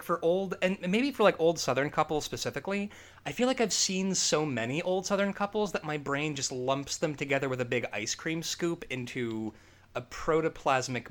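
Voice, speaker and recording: Podcast co-host, man in his thirties, lively pitch, loose jokey banter. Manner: animated, swearing, quick asides. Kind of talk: casual chat.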